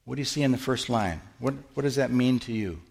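With a mid-range voice that is creaky and darkish yet lively in intonation, the middle-aged pastor preaches at a brisk pace. His sermon is conversational, built around questions to the congregation that he goes on to answer.

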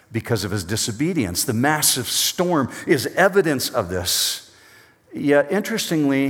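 A man preaches a sermon in a mid-range voice. He reads the scripture with loud, urgent drama and drops to quiet, low asides as he explains it. Each word trails a long reverb, as if spoken in a large hall. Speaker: pastor.

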